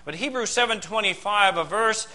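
A pastor delivering a sermon. He preaches emphatically, with dramatic pauses and rhetorical questions. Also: high-pitched, sharp tone, low-quality recording.

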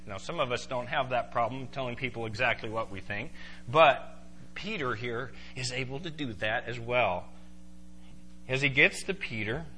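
A man preaching a sermon to a congregation, emphatic and animated. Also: mid-range voice, a little hiss or hum. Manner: emphatic, rising to loud exclaiming in voiced quotes. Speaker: pastor.

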